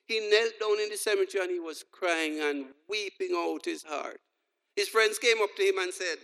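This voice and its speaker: A man's voice: sits high, normal speed, gravelly, sharp tone. A man preaching a sermon, telling humorous stories and acting out the dialogue. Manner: storytelling with jokes, acting out dialogue. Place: church hall. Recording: long reverb of a large hall.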